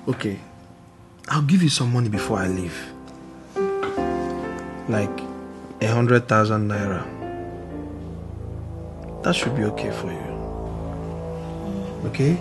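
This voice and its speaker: A drawling Nigerian commissioner. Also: male voice, fairly low pitch, expressive, slow pace, long pauses. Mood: doting. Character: slow-talking male government commissioner. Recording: film scene with loud music score.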